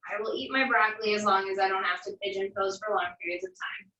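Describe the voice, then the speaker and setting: A woman fitness instructor calmly guiding a stretching cool-down, with encouraging cues and wry little asides. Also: mid-range voice, quick pace, far from the mic, dull audio. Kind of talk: guided barre cool-down instruction. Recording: echoey room, voice from off-mic.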